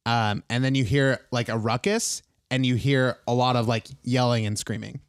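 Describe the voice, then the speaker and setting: A young man narrating as game master in a tabletop game, pausing often with ums and uhs. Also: mid-range voice, steady tone, clean tone, no echo, studio quality. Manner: hesitant, many ums and uhs.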